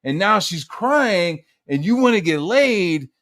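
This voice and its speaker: Speaking slowly in a high voice, this livestream co-host tells an animated story through casual comedy chat, cursing freely and voicing each character's quotes. A little hiss or hum sits under the audio.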